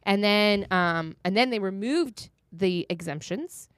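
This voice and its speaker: Woman co-host, animated storyteller, dry close sound. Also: medium pitch, slow, clean tone, dry recording. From Florida. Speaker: podcast co-host. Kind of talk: casual chat, storytelling.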